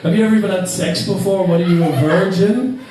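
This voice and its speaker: A man's voice: high voice, steady tone, fast talker, recorded from a distance, voice pushed up, lightly acted. A man voicing a blunt, scornful young woman who mocks plainly. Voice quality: scornful, mocking. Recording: echoey club, mic from afar.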